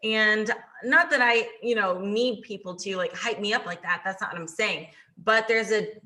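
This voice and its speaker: A young woman in casual podcast chat about competing, chatty and animated, acting out what other people say. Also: medium pitch, normal speed. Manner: chatty, animated, acts out quoted voices. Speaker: podcast guest, bikini competitor.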